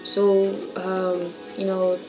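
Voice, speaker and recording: A woman's voice: medium pitch, completely flat delivery, very slow, poor audio. A young adult woman vlogger recounting a personal childhood story in a casual, slangy, emotional way. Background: background music.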